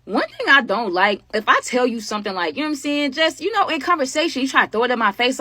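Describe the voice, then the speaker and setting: A young woman, telling a storytime vlog to her viewers in a casual, animated, slangy way. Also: fairly high pitch, fast, few pauses, no room sound, clean studio sound. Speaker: storytime creator.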